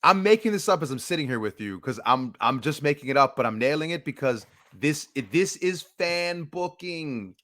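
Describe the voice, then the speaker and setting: A man whose voice swings widely and sits a bit high co-hosts a podcast. His casual chat is playful and teasing. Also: animated, normal speed, hardly any pauses, fairly bright tone. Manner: playful teasing, laughs along. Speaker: wrestling podcast co-host.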